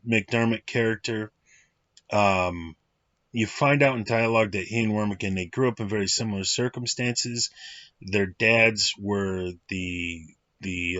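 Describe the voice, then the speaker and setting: A man's voice: on the low side, sharp tone, no room sound. A man in his late thirties giving an enthusiastic, rambling film review with many fillers. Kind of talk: casual film review monologue. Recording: dry, slightly muffled lo-fi recording.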